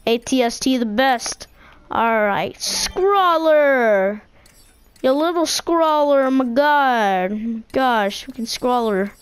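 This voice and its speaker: A woman giving silly, boastful let's-play commentary over a video game, excitable and playful. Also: a little high, slow pace, clean tone, dry recording. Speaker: gaming video maker. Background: video game music.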